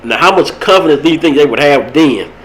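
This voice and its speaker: A young man, hosting a podcast and rambling about a local high school football game. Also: fast, a little hiss or hum, low-quality recording. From Texas. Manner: rambling, animated, laughs at his own stories. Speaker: podcast host. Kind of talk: casual sports talk.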